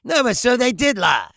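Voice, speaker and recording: A man with a very gravelly, bright, somewhat high voice hosts an off-the-cuff political comedy chat, reading out viewer comments. He swears freely and breaks into laughter between animated rants. The sound is close and dry, with no room echo.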